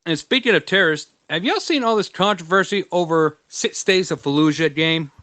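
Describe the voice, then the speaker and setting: A man on a podcast talking in a casual, excitable, mocking rant. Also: on the high side, fairly quick, dry recording. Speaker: podcast regular. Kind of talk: casual chat.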